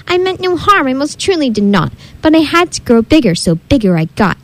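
A woman reads a rhyming storybook aloud in a rhythmic, sing-song way. Her voice sits high. The verses bounce along steadily. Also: sing-song, brisk, low-quality recording. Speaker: reader. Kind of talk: storybook read-aloud in rhyme.

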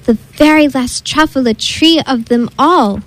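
A woman reads a rhyming storybook aloud in a rhythmic, sing-song way. Her voice sits high. The verses bounce along steadily. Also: measured pace, poor audio. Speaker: reader. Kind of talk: storybook read-aloud in rhyme.

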